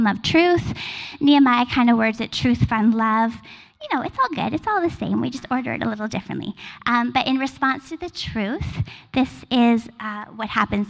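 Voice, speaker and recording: A woman in her forties giving a sermon as a pastor, speaking in a casual, chatty way full of fillers. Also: on the high side. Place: church hall. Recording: long hall reverb.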